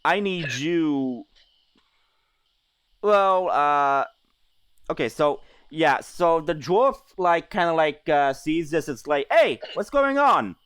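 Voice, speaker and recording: A man narrates a tabletop game as its game master, stopping often to hunt for words. His voice is fairly high for a man and smooth. It is recorded close, with no room sound. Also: slow, pauses often, fairly bright tone, dry recording. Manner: hesitant, full of fillers and restarts.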